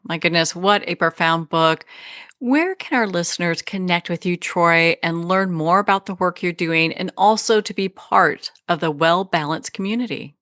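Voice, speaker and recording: A woman's voice: on the low side, moderate pace, fairly bright tone. A woman hosting an interview show, effusive and gracious as she thanks her guest and closes the episode. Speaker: show host.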